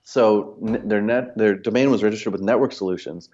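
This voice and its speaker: A man's voice: fairly low pitch, fairly quick, darkish tone, highs cut off. A man, a company cofounder, telling a long anecdote casually as a podcast guest, full of fillers and quoted dialogue. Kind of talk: casual storytelling.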